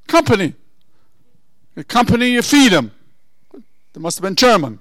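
A man preaching a sermon, telling a Bible story with asides and rhetorical questions, moving from low murmurs to loud exhortation. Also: very animated, moderate pace, dry recording. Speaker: pastor.

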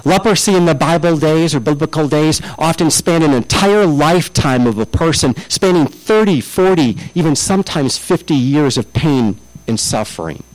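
A male pastor giving a sermon in a storytelling way. His voice sits a bit high for a man and swings widely in pitch. He often restarts phrases and repeats words as he talks. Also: lively intonation, normal speed, rough recording.

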